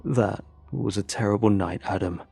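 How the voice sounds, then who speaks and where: A man's voice: fairly low pitch, normal speed, vocal fry, mellow, breathy edge, soft background music. A man voicing Christian, a weary, reflective soldier who talks with sighs. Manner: sighing, reflective.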